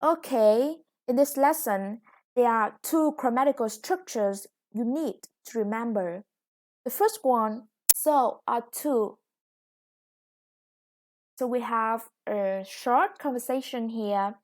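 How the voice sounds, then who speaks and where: A woman teaching an English lesson, slowly stressing each new word. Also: a little high, darkish tone. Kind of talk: recorded classroom lesson.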